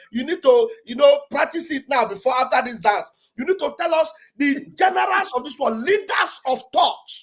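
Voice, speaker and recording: Excitable man, shouting commentary. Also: extremely high pitch, husky. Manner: animated, mocking, repeating phrases and shouting. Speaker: online commentator. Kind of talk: excited commentary over video clips.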